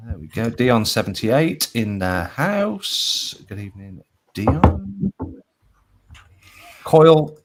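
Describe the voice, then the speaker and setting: A man's voice: medium pitch, big pitch swings, a little slow, few pauses, noisy background. A man with a Birmingham accent co-hosting a live show, reading out viewers' names with chirpy greetings and jokey asides. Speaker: co-host reading out chat names. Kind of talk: casual live-show banter.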